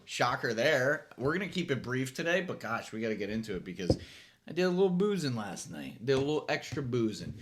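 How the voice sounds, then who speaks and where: Lively, jokey man hosting a comedy monologue. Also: mid-range voice, fast, slight background noise. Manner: rambling, jokey, self-mocking. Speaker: host. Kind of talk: late-night comedy monologue. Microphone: phone.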